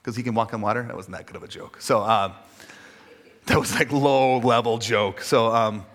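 A man's voice: mid-range voice, moderate pace, fairly bright tone. Casual, joking male pastor. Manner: conversational, self-deprecating humor, many fillers. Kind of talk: sermon.

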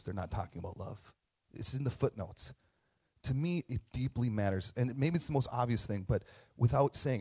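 A middle-aged man preaching a sermon in a conversational way, often checking in with a quick tag question and joking at his own expense. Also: medium pitch, a little mellow. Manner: conversational, tag questions, self-deprecating humor. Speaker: pastor.

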